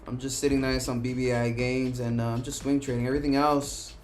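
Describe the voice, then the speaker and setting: A man hosts a live stock market stream, talking excitedly and swearing a lot as he swings between cheering and panic with every price move. His mid-range voice is brisk, and faint music plays behind him.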